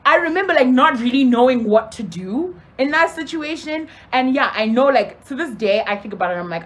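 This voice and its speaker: A young woman from Zimbabwe tells a casual story to her channel, her voice sitting a little high. She talks with a lively, swooping pitch and slips into the voices of the people she describes. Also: brisk, hardly any pauses. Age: young adult. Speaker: YouTuber telling a story.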